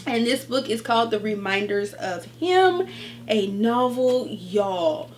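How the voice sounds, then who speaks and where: A woman chatting casually about her book haul, animated and gushing, calling her viewers y'all. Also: on the high side, slow pace, slight background noise. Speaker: book vlogger.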